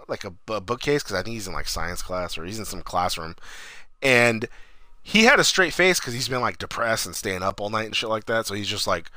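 A man casually recapping a horror movie on a remote call, rambling with many fillers and acting out the characters in quick voices. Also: lowish voice, expressive, sharp tone, no room sound. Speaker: podcast co-host.

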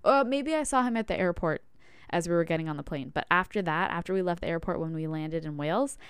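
A woman's voice: on the low side, fast, clear, resonant tone, no echo, clean studio sound. A woman hosting a podcast, telling a personal story in a candid, chatty way with lots of fillers. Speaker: podcast host. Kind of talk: casual storytelling monologue.

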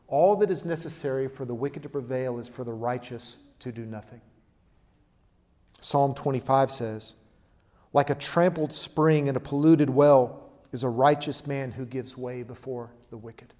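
A man preaching a sermon, emphatic, swinging between loud declarations and quiet asides. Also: medium pitch. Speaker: pastor. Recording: long hall reverb.

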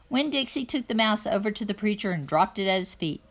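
A woman reading a children's novel aloud in an even, plain first-person narration. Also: mid-range voice, brisk. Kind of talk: read-aloud storytelling.

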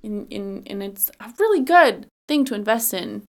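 A woman speaks as a candidate in a relaxed interview. Her voice sits at a middle pitch with a gravelly creak running through it. She is earnest and works her thoughts out with fillers and restarts. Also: moderate pace. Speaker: political candidate. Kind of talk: casual interview.

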